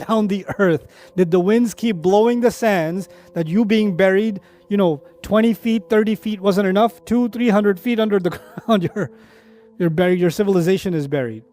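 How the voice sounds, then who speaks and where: A man giving a religious lecture, animated and conversational, using analogies and asides and reciting Quranic Arabic verses rapidly. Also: high voice. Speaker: Islamic lecturer.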